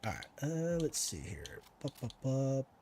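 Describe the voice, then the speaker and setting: A man's voice: medium pitch, very animated, unhurried, mellow, a little hiss or hum. A man giving casual let's-play commentary, chatting to himself and teasing enemies as he plays. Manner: chatty, talks to himself and to enemies while playing. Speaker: gaming streamer.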